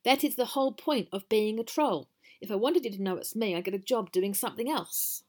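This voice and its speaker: A woman voicing a cross, sulky male troll who shouts and jeers from under his bridge, in a storybook reading. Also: mid-range voice, a little fast, lightly acted. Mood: shouty. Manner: shouty and jeering.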